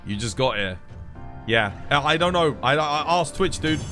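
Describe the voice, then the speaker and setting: A man talks on a live game stream in a slightly higher voice, with faint music under him. He rambles and circles back over his words, sounding fed up. It is casual streamer talk at a desk mic. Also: expressive, normal speed, bright, forceful tone. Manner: exasperated, rambling, repeats himself.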